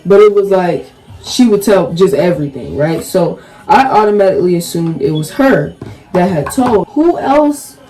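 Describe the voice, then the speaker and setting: A woman's voice: lowish voice, animated, moderate pace, mellow, soft background music, poor audio. A young woman telling a casual storytime vlog, rambling along with lots of "like"s and restarts. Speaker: storytime vlogger.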